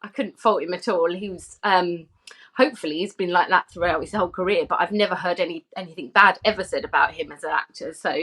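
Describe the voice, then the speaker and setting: A woman's voice: fairly low pitch, fast talker, fairly bright tone, slightly rough. A woman telling an anecdote as a podcast guest, chatty and giggly, with plenty of fillers. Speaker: podcast guest, former film extra. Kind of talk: casual chat, anecdote.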